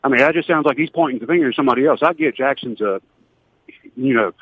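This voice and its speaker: Fast-talking caller on a tinny phone line. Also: male voice, mid-range voice, husky, dry recording. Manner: fast, exasperated ranting. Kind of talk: phone-in call.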